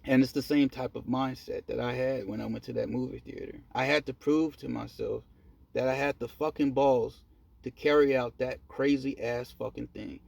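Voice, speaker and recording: A man telling a personal story in a casual monologue, profane and animated, laughing at himself. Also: mid-range voice, moderate pace, vocal fry, no room sound. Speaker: storyteller vlogger.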